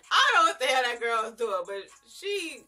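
A woman's voice: sits high, big pitch swings, measured pace, sharp tone, faint music behind. A young woman, reviewing a reality show in casual, slangy chat and laughing often.

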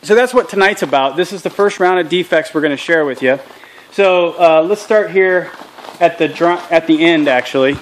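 This channel host speaks earnestly and openly in a casual vlog shot outdoors at a small farm processing setup, peppering his talk with acronyms and military terms. His voice is a little high, sitting slightly above the usual male range.

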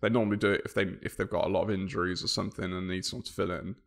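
A man's voice: deep voice, level tone, rapid-fire, gravelly. A man co-hosting a podcast who explains things at length in casual chat and slips in dry jokes. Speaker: podcast co-host.

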